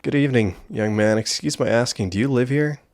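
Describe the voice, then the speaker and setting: A man's voice: medium pitch, brisk, darkish tone, dry recording, natural voice. A man voicing a nosy, suspicious elderly male neighbor who questions a stranger in a stern, prying manner.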